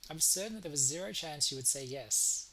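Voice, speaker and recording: A man reading the part of an elderly cat, doting and affectionate. The voice sits a little high, with faint clicks in the background. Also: expressive, quick pace, bright, forceful tone, slight background noise, poor audio. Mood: fond. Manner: fond, reads dialogue aloud. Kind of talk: reading game dialogue aloud.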